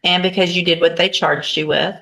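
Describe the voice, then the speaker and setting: A low-pitched woman serving as judge, speaking in a courtroom. She reads formal charges and asks plea questions in a methodical, procedural manner. She pauses to think aloud while working through her papers. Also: steady tone, creaky, a bit bright.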